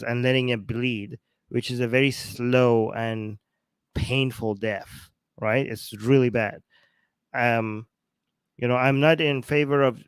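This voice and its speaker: A man talks through the news with his co-host in a loose, unscripted way. He stalls and restarts mid-sentence while he searches for words. His voice is smooth and resonant, recorded close and dry with no room sound. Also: medium pitch, dry recording. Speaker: co-host of a news commentary show. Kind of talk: casual chat.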